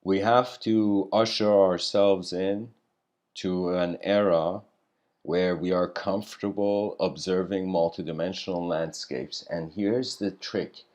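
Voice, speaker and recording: A man giving a reflective spiritual lecture, telling stories slowly with pauses and letting his voice trail off quietly. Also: deep voice. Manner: unhurried storytelling with pauses.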